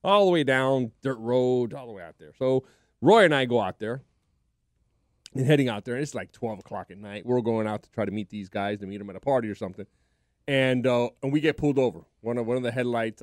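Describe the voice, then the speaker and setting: Middle-aged co-host, loose storyteller, plain mid voice, dry mic. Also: male voice, mid-range voice, darkish tone, dry recording. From South Florida. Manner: rambling storyteller with restarts. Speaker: podcast co-host. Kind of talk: casual sports talk.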